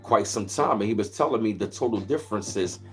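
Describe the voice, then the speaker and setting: A man's voice: lowish voice, expressive, brisk, a bit bright, soft background music. Laid-back man rambling on a livestream. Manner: rambling, laid-back storytelling, greets viewers in between. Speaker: livestream host. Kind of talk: casual livestream chat. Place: at home, where he lives in Maryland.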